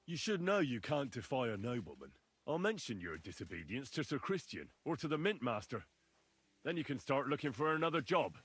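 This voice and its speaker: A man's voice: medium pitch, sing-song, brisk, fairly bright tone, husky, no room sound. An actor playing a polite, inquisitive young male nobleman in a video game. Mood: stern. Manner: polite, questioning, firm when crossed.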